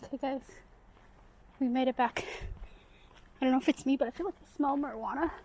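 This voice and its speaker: A woman's voice: high voice, fairly quick, a little mellow, slight background noise. A young woman vlogging while hiking alone in the woods, chatty and a bit nervous, out of breath. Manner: chatty, talks to viewers, nervous self-talk. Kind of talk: casual vlog narration while hiking. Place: outdoors in woods.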